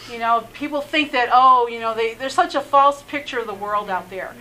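A middle-aged messianic rabbi tells her personal story in a faith interview, her slightly high voice brisk, pushed and bright with hardly any pauses. She's earnest, laughs a lot and keeps saying "you know." The rough recording carries slight background noise.

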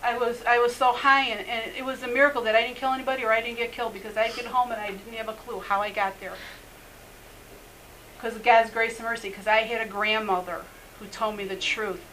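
A middle-aged woman rabbi recounts her testimony in an earnest, chatty way, laughing often and filling gaps with "you know". Her voice sits a bit high and rings bright and forceful. A faint hiss lingers in the background. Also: fairly even intonation, brisk, rough recording. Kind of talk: personal testimony in a faith interview.

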